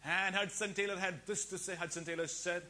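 A man's voice: high voice, fairly even intonation, fairly quick, sharp tone. A man with a Malayali English accent, preaching a fervent sermon as pastor and calling out hallelujahs.

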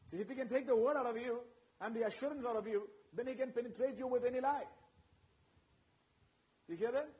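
Brief: male preacher with a very high-pitched voice, emphatic and repetitive, keeps checking in with the congregation. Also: a little fast, long pauses, mellow, poor audio. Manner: preaching with call-and-response asides to the congregation. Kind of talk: sermon.

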